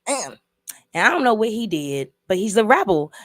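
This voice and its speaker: A woman's voice: medium pitch, very animated, normal speed, fairly bright tone, dry recording, studio quality. A woman casually recapping and reviewing a movie, telling the story in an emphatic, profane way with lots of repeats.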